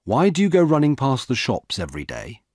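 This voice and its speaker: A man's voice: medium pitch, wildly swooping pitch, fairly quick, darkish tone, no room sound, clean studio sound, voice pushed up. A man voicing Sue, a curious female police officer in a storybook. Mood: alert.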